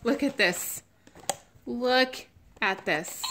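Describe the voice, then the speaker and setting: A woman gushing emotionally as she unboxes a reborn doll, close to tears with excitement. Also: mid-range voice, takes it slowly, heavy background noise. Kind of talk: unboxing vlog.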